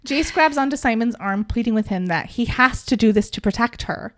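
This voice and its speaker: A woman's voice: on the high side, expressive, a little fast. Playful woman recapping a book. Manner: playful, recapping with jokes and giggles. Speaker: podcast host. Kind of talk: casual book recap chat.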